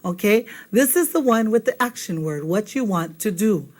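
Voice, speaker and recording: A woman with a mid-pitched voice leads a beginner language lesson. She talks patiently and repeats phrases. She keeps checking that the class is following along. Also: lively intonation, moderate pace, darkish tone. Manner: patient, repetitive, checks in with "okay?". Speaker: language teacher.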